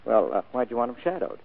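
Sam Spade, a gravelly wry detective. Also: male voice, medium pitch, full character voice. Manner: terse, dry wisecracks. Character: hard-boiled male private detective, wry. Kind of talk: 1940s radio acting. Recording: tinny old radio broadcast recording.

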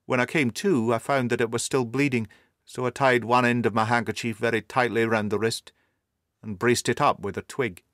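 A man's voice: mid-range voice, flat delivery, moderate pace, fairly bright tone, no echo, clean studio sound, close to an everyday voice. A man reading the part of a shaken young male engineer, formal and courteous in his speech. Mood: matter-of-fact. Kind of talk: audiobook character reading.

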